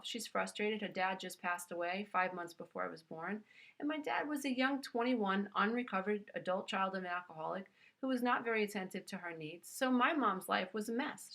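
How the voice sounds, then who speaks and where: Bright earnest woman with a New York accent. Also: medium pitch. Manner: earnest and emphatic, addresses listener as "dear one". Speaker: self-help speaker. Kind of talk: motivational teaching talk.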